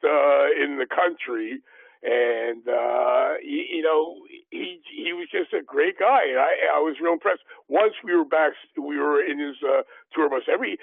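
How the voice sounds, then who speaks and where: Older male podcast host, gravelly and slightly high, rambling storyteller, thin phone-quality audio. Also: no echo. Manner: rambling, halting, many fillers and restarts. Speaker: podcast host telling stories. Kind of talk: anecdotal interview storytelling. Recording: dry, tinny phone-like line.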